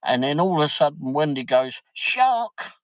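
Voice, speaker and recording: A man's voice: a little high, fairly even intonation, a little fast, dry recording, poor audio. A man chatting casually on a livestream, rambling through a funny anecdote with lots of laughter. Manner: rambling, laughs often, peppers speech with "flipping". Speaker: livestream host.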